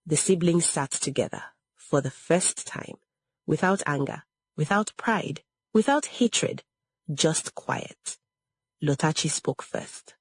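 A woman narrating a scripted story in a dramatic, measured way. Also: low-pitched, husky, dry recording, clean studio sound.

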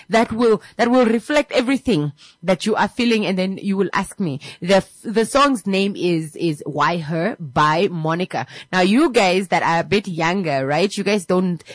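A woman's voice: medium pitch, dry recording. A woman radio host talking in a chatty, affectionate way, often repeating herself. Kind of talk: casual radio talk.

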